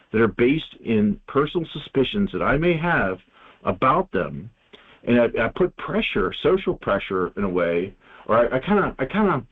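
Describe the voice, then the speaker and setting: A man talking casually as an interview guest, rambling with many restarts and fillers. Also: medium pitch. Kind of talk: casual phone-in interview talk. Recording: tinny phone line.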